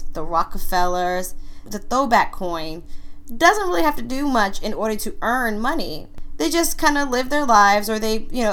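Chatty woman hosting a podcast. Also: on the high side. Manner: animated and chatty, addresses listeners as y'all. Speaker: podcast host. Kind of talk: casual solo podcast talk.

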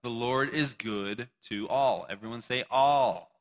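A man preaches in a casual, chatty way, cracking jokes and asking his listeners questions. His voice is bright and forceful, at a middle pitch for a man. He sounds like he is speaking to a live group in a church. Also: measured pace. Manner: casual, joking, talks to the audience. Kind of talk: sermon.

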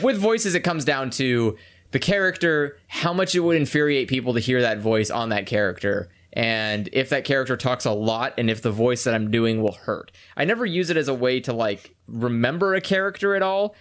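A man's voice: mid-range voice, lively intonation, moderate pace, fairly bright tone. A man who voices game characters, chatting casually and laughing often. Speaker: game voice performer. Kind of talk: casual podcast chat.

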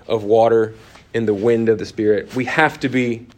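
A man teaching a church Bible course, talking with his class and often dropping to a quiet, emphatic tone. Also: medium pitch, steady tone, normal speed. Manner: conversational, answers class comments, drops to quiet emphasis.

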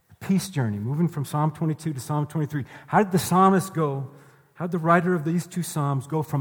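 A man's voice: on the high side, brisk. Earnest male preacher in a hall. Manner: earnest, repeats key phrases for emphasis. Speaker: pastor. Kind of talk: sermon. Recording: reverberant hall.

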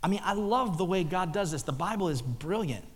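A middle-aged pastor with a high, brisk voice preaches a sermon, telling jokey stories and bantering with the congregation in an animated way. Long hall reverb and faint music fill the recording.

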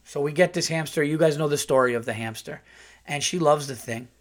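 A man hosting his podcast, telling a comic story in an animated, profane, rambling way full of restarts. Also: fairly high pitch, a little fast. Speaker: podcast host, comedian.

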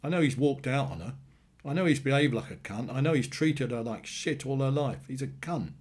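A man's voice: medium pitch, expressive, brisk, a little mellow, pitched above the performer's own voice, close to an everyday voice. A man voicing an angry young man in his twenties who swears bluntly and bitterly about his father.

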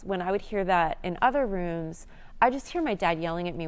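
A woman's voice: on the low side, normal speed, a little mellow, clean tone. Earnest young woman sharing her story. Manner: earnest, reflective, frequent "like" fillers. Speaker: recovery program member sharing. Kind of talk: personal sharing.

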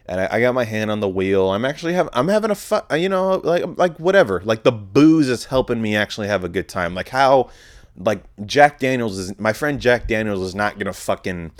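A young man from telling a rambling, profane story about a night out on his podcast. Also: lowish voice. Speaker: podcast host. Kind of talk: casual storytelling monologue.

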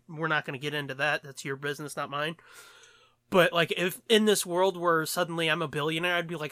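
Podcast co-host, man, higher-pitched and bright, jokey rambling delivery, dry close mic. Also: dry recording. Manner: rambling, jokey, swears freely, laughs often. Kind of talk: casual chat.

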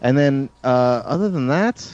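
A man's voice: mid-range voice, lively intonation, unhurried, darkish tone. A man co-hosting a casual podcast chat, rambling and teasing, with some swearing. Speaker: podcast co-host. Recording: dull lo-fi sound.

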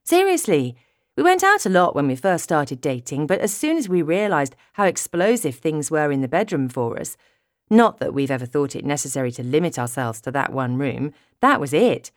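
A woman narrating a romantic comedy audiobook in the first person, expressive and storytelling. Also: low voice, normal speed, no echo, clean studio sound.

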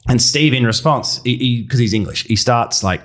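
An Australian man co-hosting a racing podcast, talking through his bets in a rambling, halting way full of restarts. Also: mid-range voice, a bit bright. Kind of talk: casual betting chat.

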